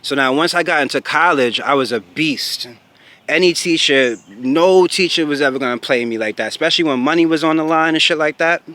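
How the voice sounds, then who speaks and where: A man's voice: a little high, brisk. A man from the United States telling a personal story to camera in a loose, profane, casual way, often checking in with the listener. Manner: loose and profane, repeatedly asking "you know what I'm saying"; grows loud and animated when recalling anger.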